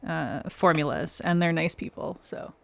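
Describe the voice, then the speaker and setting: A woman's voice: sits low, steady tone, normal speed, gravelly, noisy background. A woman hosting a nail art livestream, chatting casually with viewers by name, laughing often and explaining her steps as she works. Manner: explains step by step while working. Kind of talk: casual live-stream chat.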